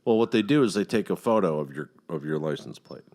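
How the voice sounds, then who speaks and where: A middle-aged man hosting a casual podcast chat, telling a long story with heavy profanity and animated outbursts. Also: low-pitched, fast. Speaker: podcast host.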